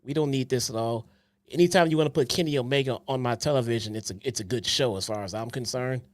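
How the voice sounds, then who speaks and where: A man's voice: mid-range voice, quick pace, no room sound. Hesitant man co-hosting a review. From Chicago. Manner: hesitant, restarts often, relaxed. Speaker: podcast co-host. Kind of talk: casual online call chat.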